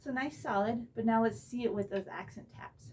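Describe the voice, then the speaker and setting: A young woman with a fairly high voice gives a casual drum lesson and explains each step in a relaxed, easygoing way. She is recorded in a room with her kit on a low-quality camera mic. A faint hiss sits under her voice. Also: moderate pace. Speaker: drum teacher. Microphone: phone or camera mic.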